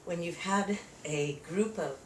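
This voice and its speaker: Fairly low in pitch and slow in pace, a woman instructs a chair yoga class, counting out each move and giving encouraging cues while slightly out of breath. The recording carries a roomy echo and faint noise from a distant mic.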